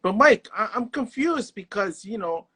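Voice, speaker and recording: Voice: mid-range voice, expressive, normal speed, bright, forceful tone, husky. An interviewer putting probing questions to a boxing manager, often restarting sentences.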